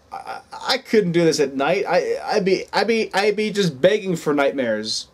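He's very animated and fairly high-pitched, moving at a moderate pace with few pauses. A young man hosting a let's play from home on headphones and a desk mic, he stammers nervously, swears, and pleads aloud mid-game.

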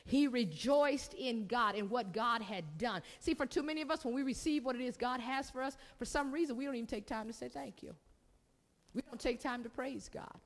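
Woman pastor, preaching, repetitive call-and-response, high-ish voice, long hall reverb. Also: a little fast. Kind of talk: sermon. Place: church sanctuary.

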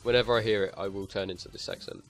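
A man's voice: fairly low pitch, steady tone, rapid-fire, a little hiss or hum. A young man giving casual let's-play commentary, swearing freely and muttering to himself as he plays. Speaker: gaming channel host.

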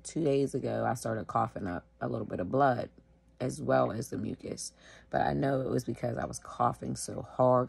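A sick woman at home, wheezing and short of breath, talking casually to the camera in a tired, slow way. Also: rumbling low, vocal fry, darkish tone, husky. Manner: tired, slow, filler-heavy. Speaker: vlogger sharing her illness.

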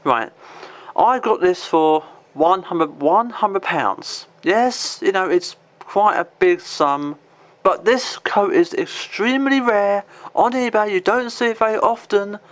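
Guy in his twenties, vlogger, high voice, rambling and sweary. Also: animated, slow pace, a bit bright. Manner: rambling, many fillers, swears at his pet. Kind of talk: casual show-and-tell vlog.

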